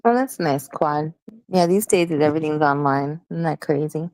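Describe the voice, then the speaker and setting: A woman's voice: low-pitched, normal speed, no echo. A woman in her forties from Miami, chatting casually and animatedly in a group conversation. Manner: chatty, animated storytelling with laughs.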